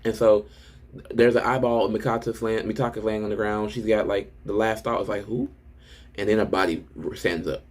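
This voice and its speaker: A young man casually recapping a manga chapter and reacting to it, excited and profane, with lots of "um"s and restarts. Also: on the low side, normal speed.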